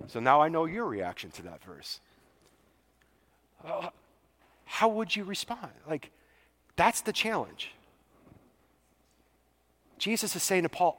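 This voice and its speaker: A man with a high voice preaches in a casual, animated way and acts out the scenes he retells. His voice rings with the long reverb of a large church hall. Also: moderate pace, long pauses. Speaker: pastor. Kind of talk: sermon.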